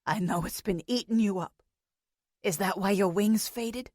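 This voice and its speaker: Guilt-ridden young man read by a woman narrator, hushed and gentle, dry close sound. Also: mid-range voice, unhurried, no room sound, close to an everyday voice.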